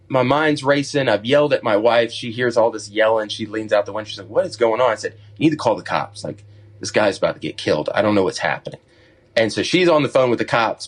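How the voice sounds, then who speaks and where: Animated storytelling man, low voice. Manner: animated storyteller, acts out his own quotes. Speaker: podcast guest, songwriter. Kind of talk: casual storytelling.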